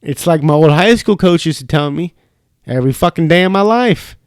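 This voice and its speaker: A man's voice: on the high side, lively intonation, a little fast, clean tone, dry recording. A young man hosting a podcast in a studio, ranting loosely and swearing constantly in casual chat. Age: young adult. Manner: profane, ranting, fired up. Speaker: podcast host.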